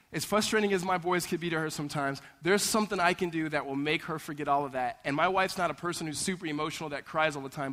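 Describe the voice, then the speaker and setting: Man pastor, high-pitched, conversational sermon delivery, long church reverb. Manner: animated, conversational storytelling with repeated "right?". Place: church sanctuary.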